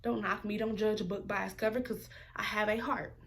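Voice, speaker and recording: A woman's voice: medium pitch, steady tone, a little fast. A woman, telling a story in a casual vlog and mimicking other people's voices as she quotes them. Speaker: vlogger.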